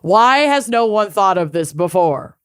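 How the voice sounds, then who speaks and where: Lively woman podcast host, swears a lot, laughs, reads news stories with a bouncy voice. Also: medium pitch, a little slow, clean tone. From family from Massachusetts. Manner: profane, animated and laughing. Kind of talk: casual chat, reading news stories.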